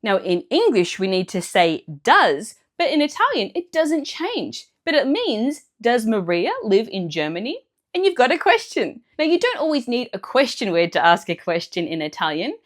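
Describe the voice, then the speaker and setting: A female language teacher goes through a scripted lesson point by point with clear explanations. Her voice is a little high with large swings in pitch, at normal speed and with few pauses.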